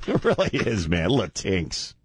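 A man's voice: sits low, wildly swooping pitch, measured pace, husky, no room sound. A man hosting a talk radio show, joking loosely and slipping into mock voices. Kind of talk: comedic talk radio banter.

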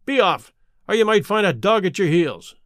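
Brief: a man playing a fierce elderly trainer, loud and blustering, lively delivery. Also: high-pitched, normal speed, no echo, clean studio sound. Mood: angry. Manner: blustering, angry. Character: fierce, bullying elderly male horse trainer.

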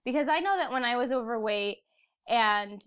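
A young woman guest on a casual podcast, telling personal stories in an earnest, animated way. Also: fairly high pitch, moderate pace, smooth.

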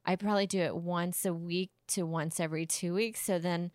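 A woman comedian chatting as a podcast guest. Her voice sits a little low and sounds smooth and clear. She drops wry one-liners, and the sound is close and dry. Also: fairly even intonation, moderate pace, darkish tone, no room sound. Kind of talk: casual chat. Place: hotel room.

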